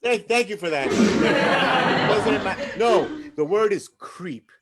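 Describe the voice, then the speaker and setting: Chatty high-voiced man on a video call. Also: animated, unhurried, very noisy. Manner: chatty, laughing, asks the crowd "right?". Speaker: open mic comedy host. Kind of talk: stand-up bit on a video call.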